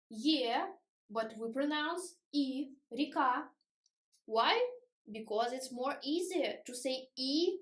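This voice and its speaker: A tired woman teaching a beginner language lesson, explaining slowly and patiently with many fillers and small laughs. Her first language is Russian. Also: high-pitched, reverberant.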